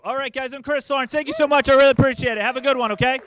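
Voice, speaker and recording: A man's voice: extremely high pitch, rapid-fire, few pauses, clear, resonant tone, no echo. A middle-aged man from the United States doing a stand-up comedy set, acting out his family in quoted voices. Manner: animated, acts out family members in quoted voices.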